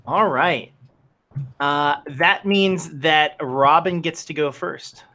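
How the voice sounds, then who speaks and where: Guy running a tabletop game, kinda high voice, plain and matter-of-fact. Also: takes it slowly, sharp tone. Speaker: game master. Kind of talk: casual tabletop game talk.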